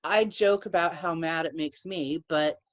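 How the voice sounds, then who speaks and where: A woman co-hosting a podcast over a video call, chatting in an expressive, animated way. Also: sits low, a little slow. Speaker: podcast co-host. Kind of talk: casual chat. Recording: dull lo-fi sound.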